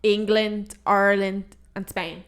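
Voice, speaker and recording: A woman's voice: medium pitch, level tone, slow pace. A young woman co-hosting a podcast, talking in a casual, chatty, giggly way with lots of "like". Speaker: podcast co-host. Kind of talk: casual chat.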